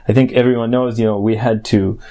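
A man's voice: on the low side, steady tone, fairly quick, mellow. A man hosting a podcast alone, talking in a casual, playful way, switching between sulky grumbles and muttered asides. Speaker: podcast host. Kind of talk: bilingual casual podcast chat.

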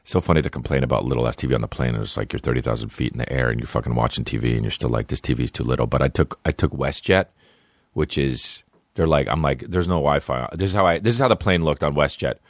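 A male comedian hosting his podcast, rambling through a profane, animated monologue. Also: very deep voice, fast, vocal fry, dry recording.

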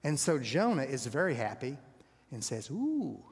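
A man's voice: mid-range voice, animated, moderate pace, husky. A man preaching a sermon, telling a story and often dropping his voice to a near whisper. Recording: long reverb of a large hall.

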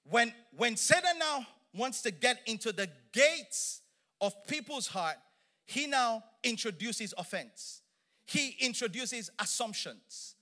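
A middle-aged man preaching a sermon, animated and emphatic with playful asides. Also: extremely high pitch. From Nigeria.

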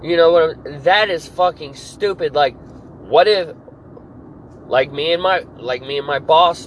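Man, high voice, cursing nonstop, furious rant, faint traffic noise behind. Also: measured pace, low-quality recording. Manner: profane, furious ranting. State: irritated. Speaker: podcast host. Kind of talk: angry work rant monologue.

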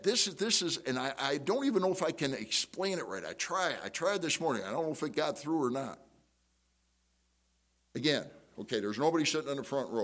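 A man preaching an evening church sermon, conversational, full of rhetorical questions and restarts, moving between loud challenges and quiet prayerful asides. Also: mid-range voice. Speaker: pastor.

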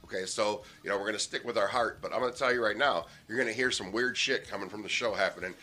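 Male talk host, rapid and sharp-toned, crude rambling banter. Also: fairly low pitch. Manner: brash, profane, rambling banter. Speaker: show host. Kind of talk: casual chat.

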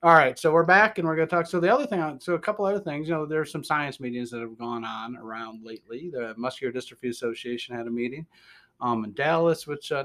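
A man's voice: medium pitch, fairly bright tone. A man with a Southern US accent hosts a podcast conversation. His talk is rambling and folksy: he chuckles, trails off and circles back to his point. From American Midwest. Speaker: podcast host. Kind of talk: casual podcast chat.

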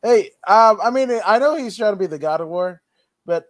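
A man with a fairly high voice joins as co-host of a combat-sports show. He talks loosely, cracks jokes and swears casually. His voice sounds dry, with no room echo. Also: lively intonation, moderate pace. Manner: loose, joking, profane asides. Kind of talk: casual joking chat.

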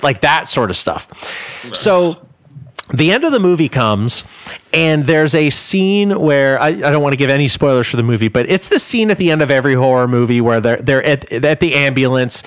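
A man of middle pitch tells a story in loose, casual chat and keeps circling back with "like" and "you know". His voice sits close and dry, with no room around it. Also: animated, moderate pace, clean tone, no echo. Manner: rambling, many filler "like"s. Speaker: guest musician.

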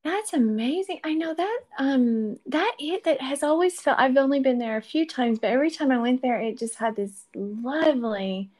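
A woman hosting a podcast, chatting casually and warmly gushing with frequent excited exclamations. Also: high-pitched, normal speed, few pauses. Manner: bubbly, gushing, exclaims often. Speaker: podcast host. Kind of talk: casual chat.

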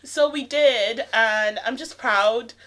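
Young woman on a podcast, bright voice, swears a lot, real candid. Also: a little high, takes it slowly. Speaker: podcast co-host. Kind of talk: casual emotional podcast chat.

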